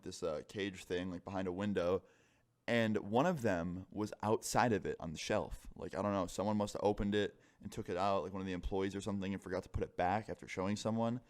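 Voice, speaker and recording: A man's voice: lowish voice, darkish tone, no echo. A young man casually telling a storytime tale to his viewers, swearing a lot and filling his talk with "like.". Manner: swears freely, full of "like" fillers. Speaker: YouTube storyteller.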